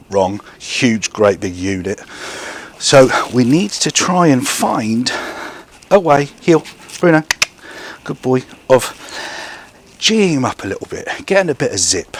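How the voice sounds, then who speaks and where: Outdoors, a man with a fairly low, slightly rough voice trains a young gundog. He explains things to the camera between quick bursts of praise and commands for the dog.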